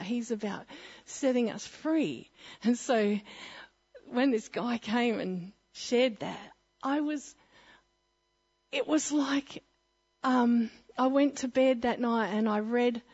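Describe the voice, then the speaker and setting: Woman, testimony speaker, fairly high husky voice, earnest with frequent laughs, dull lo-fi recording. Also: a little mellow. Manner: earnest, laughs often, restarts mid-sentence. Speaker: church speaker sharing her testimony. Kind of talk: personal testimony talk.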